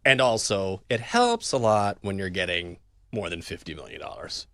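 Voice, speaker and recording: Guy hosting a sports show, bright voice, jumps all over in pitch, joking around. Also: lively intonation, moderate pace, no room sound. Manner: joking, playful, slips into mock voices. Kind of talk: casual sports talk.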